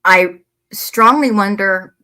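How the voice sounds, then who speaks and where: A woman's voice: medium pitch, slow, pushed and bright, smooth. A woman giving casual, blunt commentary, swearing and getting heated as she reads emails to viewers at a close desk microphone. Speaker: true crime commentator.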